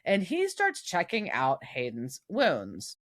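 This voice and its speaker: A woman with a fairly low voice that swings up and down a lot as she co-hosts a podcast. She recaps the plot in detail, laughing often and chatting casually. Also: huge pitch swings, slow. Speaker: podcast co-host. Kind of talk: casual chat recapping an episode.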